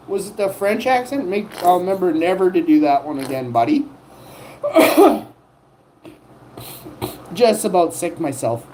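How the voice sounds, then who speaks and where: A woman's voice: lowish voice, big pitch swings, measured pace, long pauses, warm tone, slight background noise, rough recording. A woman hosting a livestream, rambling and joking as she teases people in the chat. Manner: rambling, joking, teasing chatters. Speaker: livestream host. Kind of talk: rambling live-chat banter.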